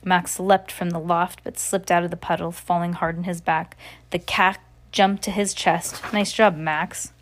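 A woman reading a novel aloud, narrating at a steady pace with occasional slips and restarts. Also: on the low side, normal speed. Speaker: reader.

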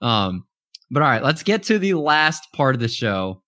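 A man's voice: medium pitch, big pitch swings, normal speed, bright, forceful tone, no echo, clean studio sound. A man hosting a sports podcast who jokes and stumbles over his words in casual chat. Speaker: podcast host.

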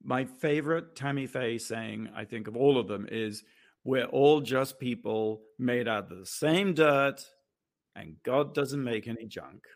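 A man's voice: mid-range voice, unhurried. A man co-hosting a podcast, talking about a film in a reflective, earnest way. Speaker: podcast co-host. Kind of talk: casual chat, film review.

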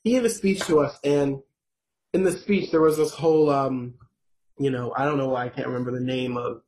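A man's voice: medium pitch, steady tone, fairly quick, darkish tone, low-quality recording. A man co-hosting a casual political podcast who mostly reacts and agrees, with short interjections. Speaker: podcast co-host.

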